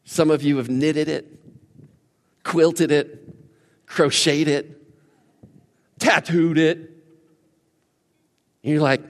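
A man's voice: a little high, slow, pauses often. Man preaching in a large echoing hall. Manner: animated storytelling, swings from quiet to shouting. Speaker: pastor. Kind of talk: sermon.

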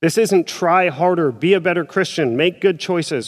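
A man's voice: sits high, moderate pace, creaky, big-room sound. A male pastor preaching a sermon in a church, speaking in a conversational way and acting out his listeners' doubts. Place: church auditorium.

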